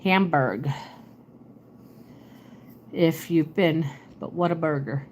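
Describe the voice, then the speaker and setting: A woman live-streaming from her home, talking slowly and casually into a phone held in her hand. She murmurs to herself as she hunts for places on a map, with a faint hiss behind her voice. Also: sits low. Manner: chatty, muttering to herself while searching a map. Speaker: livestreamer. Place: at home, indoors. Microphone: handheld phone.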